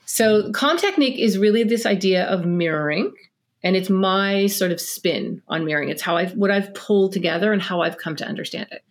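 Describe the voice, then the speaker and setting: An animated middle-aged woman talks as a guest on a parenting podcast. She explains with plenty of energy, moves quickly from point to point, and slips into little acted-out scenes between parents and children. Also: mid-range voice. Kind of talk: podcast interview.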